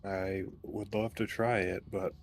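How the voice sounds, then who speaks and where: A man's voice: low voice, level tone, a little slow, faint music behind. A man chatting casually as a player, making short dry remarks. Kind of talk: casual chat.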